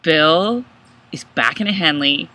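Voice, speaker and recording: A woman co-hosting a podcast, chatting in an animated, agreeable way. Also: deep voice, takes it slowly, poor audio. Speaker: podcast co-host. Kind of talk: casual chat.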